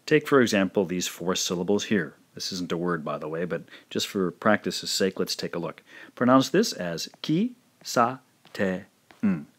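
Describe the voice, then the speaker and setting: A man narrating a recorded language lesson, speaking slowly and carefully and repeating each pronunciation. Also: low-pitched, animated, breathy edge. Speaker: language teacher.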